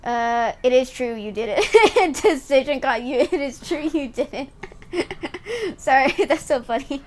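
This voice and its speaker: A woman's voice: sits high, expressive, measured pace. Giggly young woman streaming a game. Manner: giggly, chatty, reacts with bursts of laughter. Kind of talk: live gameplay commentary.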